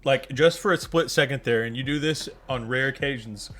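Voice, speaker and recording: A man's voice: medium pitch, fairly quick, fairly bright tone. A man co-hosting a casual gaming podcast, joking and blunt, swearing casually as he talks. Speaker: podcast co-host. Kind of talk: casual chat.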